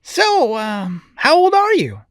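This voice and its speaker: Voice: high-pitched, huge pitch swings, takes it slowly, fairly bright tone, dry recording, full character voice. A performer voicing a small, curious young boy rabbit who chats playfully, says y'all and laughs often in a fan-made cartoon.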